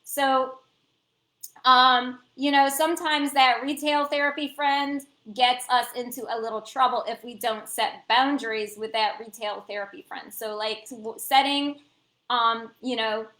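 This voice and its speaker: Bright, chatty woman in an echoey room. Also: a little high, steady tone, a little slow. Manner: chatty, many fillers and small laughs. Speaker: self-help vlogger. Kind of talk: casual talk to camera.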